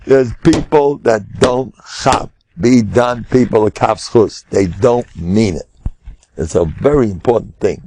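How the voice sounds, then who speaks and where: An older man, giving an animated storytelling class as a rabbi. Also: lowish voice, moderate pace, creaky. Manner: animated, acts out quotes in raised voices, laughs often. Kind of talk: lively storytelling lecture.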